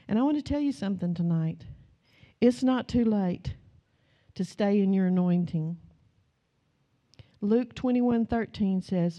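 A middle-aged woman pastor, preaching a sermon with stories, swinging from low asides to loud exclamations. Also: unhurried, pauses often, lo-fi sound. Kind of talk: sermon with storytelling.

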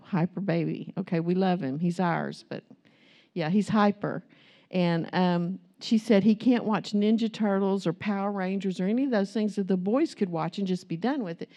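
Mellow-voiced woman preaching with candid storytelling. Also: mid-range voice. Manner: storytelling, chatty and candid, acts out quotes. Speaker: pastor's wife speaking to a congregation. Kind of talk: sermon-style testimony.

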